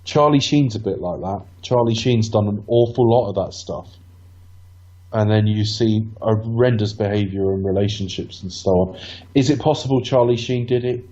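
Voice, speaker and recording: A man's voice: fairly low pitch, normal speed, warm tone, lo-fi sound. A man co-hosting a podcast film commentary, musing in a rambling, thoughtful way. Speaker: podcast co-host. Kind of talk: casual film commentary chat.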